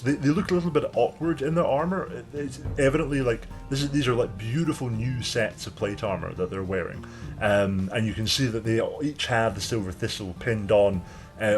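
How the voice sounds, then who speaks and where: Hesitant young male game master. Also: lowish voice. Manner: descriptive, hesitant, many fillers. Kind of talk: narrating a tabletop game.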